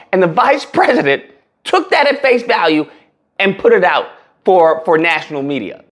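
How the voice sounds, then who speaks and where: A man hosting a casual reaction commentary, talking in an animated, mocking way and breaking into laughter. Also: very high voice, moderate pace. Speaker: commentary channel host.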